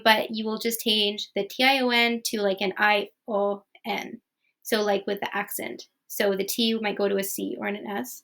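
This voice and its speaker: A woman's voice: fairly high pitch, a bit bright. A young woman giving a casual online Spanish lesson, chatty with many fillers. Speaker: Spanish teacher.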